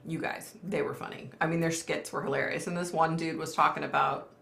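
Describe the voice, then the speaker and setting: A woman's voice: low-pitched, steady tone, brisk, creaky, fairly bright tone. A middle-aged woman hosting a casual livestream, chatty and laughing often as she reads viewer comments aloud. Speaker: livestream host. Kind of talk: casual live chat. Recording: echoey room.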